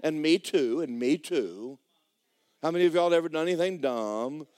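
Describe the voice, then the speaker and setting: A man preaching a sermon as pastor, swinging from shouted bursts to low, quiet lines and acting out dialogue. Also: animated, normal speed, dry recording, studio quality. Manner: acts out dialogue in dramatized voices. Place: church sanctuary.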